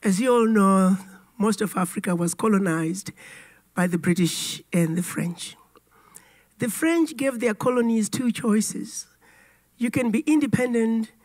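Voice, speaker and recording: Woman giving a formal talk, voice all raspy and hoarse from a cold, steady storytelling. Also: on the high side. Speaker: keynote speaker. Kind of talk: formal address to an audience.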